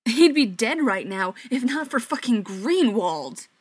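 A hot-tempered young male vampire of a storybook , voiced by a woman reader. His speech comes sharp, clipped and raised in pitch. The recording is dry and close. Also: big pitch swings, unhurried, husky, no room sound, heavily acted. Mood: angry. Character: young male vampire, tense and quick to anger.

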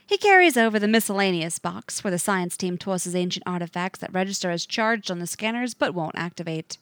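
A woman narrating a fiction story aloud with an expressive, varied delivery. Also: fairly low pitch, a little fast, dry recording.

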